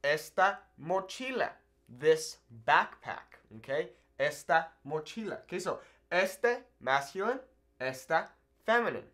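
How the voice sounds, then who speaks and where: Upbeat man teaching with lively pitch. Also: a little slow. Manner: upbeat, animated, keeps asking "okay?". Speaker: Spanish teacher. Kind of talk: video language lesson.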